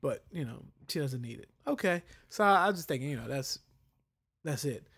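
Animated man telling a story. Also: a little high, fairly quick, breathy edge. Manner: animated storyteller acting out voices. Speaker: podcast co-host. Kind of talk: casual chat, storytelling.

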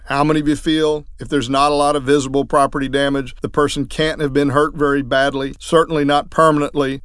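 Man, trial lawyer, instructional talk, folksy storytelling, acts out lines, fairly high pitch, dry sound. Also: dry recording. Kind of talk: instructional talk on courtroom technique.

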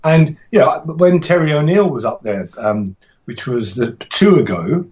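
A man's voice: mid-range voice, expressive, a little slow, darkish tone, lo-fi sound. A middle-aged man, a martial arts instructor and author, telling stories in a podcast interview with enthusiasm and frequent restarts.

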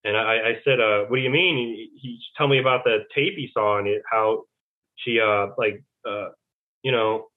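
A man's voice: on the low side, steady tone, moderate pace. A man speaking as a guest over the phone, rambling and full of fillers, often retelling conversations. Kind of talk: rambling phone interview storytelling. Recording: tinny phone line.

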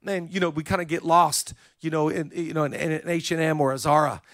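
A man in his thirties preaching a sermon from a church stage on a handheld microphone, building lists and repeating words as he climbs to shouted emphasis. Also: fairly high pitch, fairly even intonation, brisk, no echo, clean studio sound. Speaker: pastor.

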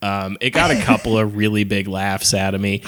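A man's voice: lowish voice, steady tone, moderate pace, fairly bright tone. A man on a podcast casually recapping a movie plot, rambling with lots of fillers and laughing as he retells scenes. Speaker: podcast co-host.

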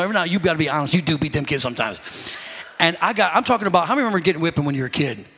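A man's voice: a little high, bright, forceful tone, big-room sound. A man preaching a sermon, telling stories animatedly and calling out to his congregation. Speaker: pastor.

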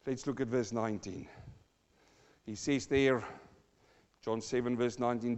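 A man's voice: medium pitch, fairly even intonation, unhurried, pauses often, darkish tone, clean tone. A male pastor preaching a verse-by-verse sermon, dramatically acting out the voices in the passages. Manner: dramatic, acts out the scripture voices with rising intensity. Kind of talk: sermon, verse-by-verse Bible teaching. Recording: dull lo-fi sound, long hall reverb.

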